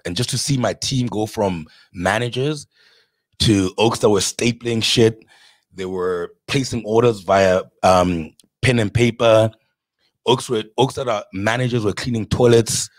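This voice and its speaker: Candid and casual, a South African restaurateur guest relates his story in a lowish voice at a slightly slow pace. He animates it by impersonating the people he quotes and swears from time to time, on a dry recording.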